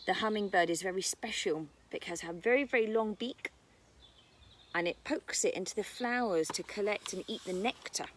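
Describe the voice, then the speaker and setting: A woman's voice: medium pitch, fairly quick, a little hiss or hum. A British woman who teaches nursery, reading a picture book about birds to young children outdoors in a garden, using a sing-song storytime voice. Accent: British English.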